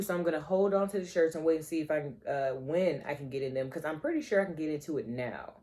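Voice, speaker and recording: A woman's voice: fairly low pitch, dark tone. A woman vlogger, chatting playfully to her viewers and calling them honey and child. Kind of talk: casual chat to camera.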